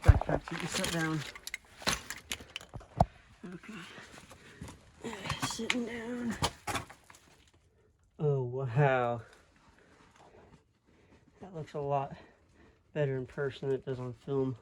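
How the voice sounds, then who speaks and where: A man vlogging while he crawls through a cramped desert rock cave, straining and exclaiming in excitement. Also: on the high side, slow, pauses often, background noise. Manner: excitable, keeps exclaiming in wonder. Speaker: hiking vlogger. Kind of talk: casual handheld narration while exploring. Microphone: handheld camera he films with.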